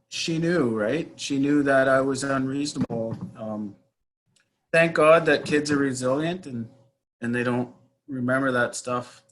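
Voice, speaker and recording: A middle-aged man, an interview guest, reflecting on his past behaviour in a halting, hesitant way that often trails off softly. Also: medium pitch, slight background noise, rough recording. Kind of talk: reflective personal account.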